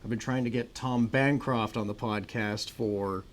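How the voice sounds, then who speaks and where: A man's voice: medium pitch, fairly even intonation, measured pace. A man hosting a live-streamed podcast from a studio, chatty, with filler words and self-aware jokes. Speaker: podcast host. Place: new studio with a green screen.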